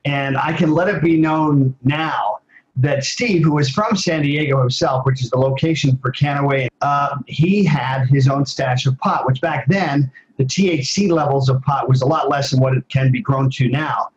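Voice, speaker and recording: An older man in his sixties, an interview guest, telling personal stories in a rambling, casual way with frequent pauses. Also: mid-range voice, lo-fi sound. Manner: rambling, with many fillers and restarts. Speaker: guest, former athlete and advocate.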